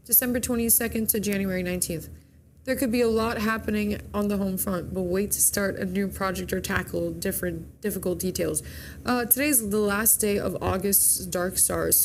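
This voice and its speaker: On a morning show, a woman co-host casually reads horoscopes and chats, stumbling and self-correcting along the way. Her voice sits in the mid-range, and there's a bit of hiss or hum.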